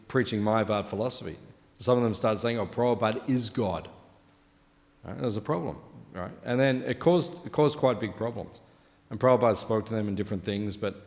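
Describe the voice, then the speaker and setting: A man's voice: fairly low pitch, big-room sound. A man giving a morning scripture class, telling anecdotes in a casual way, full of fillers and "right?" asides. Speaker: class speaker.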